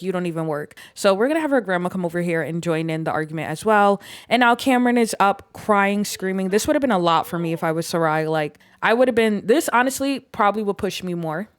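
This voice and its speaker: A woman's voice: medium pitch, no room sound. A young woman talks through a life-sim game in a chatty, rambling way, full of "like" and playful asides where she voices the characters. Her voice sits in a middle range. The recording is dry and close, with no room sound. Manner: chatty, filler-heavy storytelling, voicing game characters' thoughts. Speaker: gaming YouTuber. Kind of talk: casual gameplay commentary.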